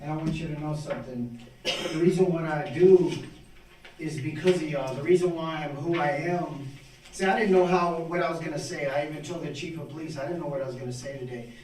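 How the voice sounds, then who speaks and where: A man's voice: fairly high pitch, a little fast, darkish tone. A middle-aged man gives a fervent, preacherly testimony at a city council meeting, repeating his phrases as he speaks. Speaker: honored community volunteer. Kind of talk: impromptu testimony speech. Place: city hall council chamber. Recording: echoey chamber from far off.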